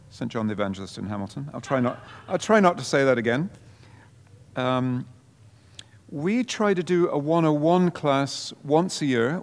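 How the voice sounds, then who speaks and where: A parish priest gives a casual workshop presentation in a large hall, chatting conversationally and dropping relaxed asides. His voice sits at a medium pitch.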